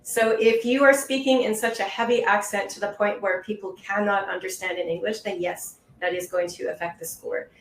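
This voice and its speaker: A woman's voice: mid-range voice, steady tone, normal speed, hardly any pauses, a little hiss or hum. A woman test-prep instructor answering questions on a webinar in a patient, reassuring, explanatory way, over a video call. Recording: roomy echo.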